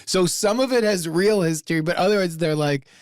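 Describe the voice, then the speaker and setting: A man's voice: sits high, a little fast, clean tone, no room sound. A man co-hosting a comedy advice podcast, riffing loosely and acting out little scenes with a laugh. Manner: animated, acts out little scenes, laughs often. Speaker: podcast co-host. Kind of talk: casual comedic advice chat.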